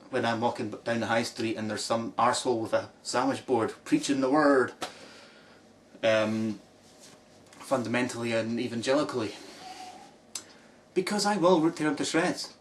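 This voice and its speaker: A man's voice: medium pitch, moderate pace. A Scottish man mocking a critic in a sarcastic response video, drawing out his put-downs. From Scotland. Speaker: video blogger replying to a critic. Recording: distant mic with faint background noise.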